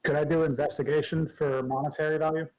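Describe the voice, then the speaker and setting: Man player, explains patiently, self-deprecating, slightly high voice. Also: flat delivery, quick pace, rough recording. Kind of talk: casual tabletop play over voice chat.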